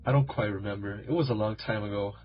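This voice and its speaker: A man reading a parody creepypasta for laughs, rambling and crude with self-mocking asides. The recording is dull and lo-fi, with loud music playing under his voice. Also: fairly low pitch, quick pace. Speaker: video host.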